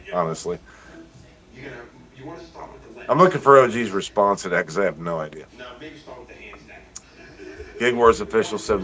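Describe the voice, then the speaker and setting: Male streamer, low-pitched but bright-edged, profane, teasing chat banter. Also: poor audio. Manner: profane, teasing, swings between loud bursts and low mutters. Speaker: livestream host reading chat comments. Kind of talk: casual livestream chat.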